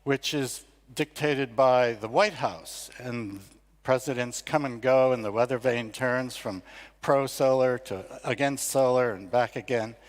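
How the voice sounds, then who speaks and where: An older American man, founder of a competition, speaks at an award ceremony in a mid-range, unhurried voice. His conference speech is conversational and self-deprecating, carried by the long reverb of a large hall.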